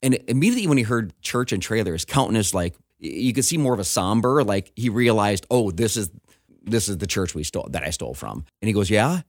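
A middle-aged man, a pastor, telling a personal story in casual conversation, animated and acting out the voices of the people in it. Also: on the low side, fast, no room sound, clean studio sound.

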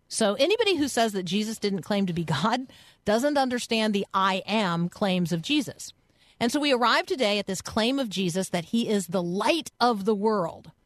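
A woman hosts a radio program and unpacks a Bible passage in an earnest, explanatory voice. Her pitch sits in the middle of the range, and the studio sound is dry and close. She talks it through casually, as if thinking aloud. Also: lively intonation, normal speed, no room sound. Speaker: radio host. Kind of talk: conversational Bible teaching on radio.

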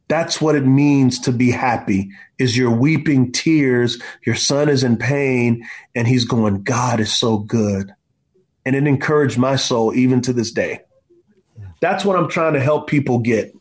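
A husky, slightly breathy man in his forties speaks as an interview guest. He tells his stories with a preacher's emphasis and leans on the word "man" again and again. His voice sits at an ordinary middle pitch. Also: measured pace. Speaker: author and guest. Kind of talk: impassioned storytelling in an interview.

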